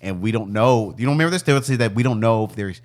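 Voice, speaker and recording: Male podcast co-host, casual storyteller, very expressive pitch, profane and laughing. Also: quick pace. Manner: animated, laughing, acts out family members in shouts; swears freely.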